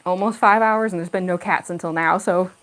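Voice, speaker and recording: A young cosplayer livestreams from a room at home, talking into a tripod-mounted camera; she's giggly, chatty, and slips into baby talk with her cat. Her voice is lowish, steady, fairly bright, and brisk, though the recording is rough.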